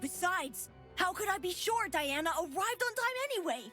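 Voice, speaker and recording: A woman's voice: lively intonation, normal speed, pushed and bright, faint music behind, full character voice. An actress playing a defensive, panicky young girl accused in a trial. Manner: shrill, agitated, accusing.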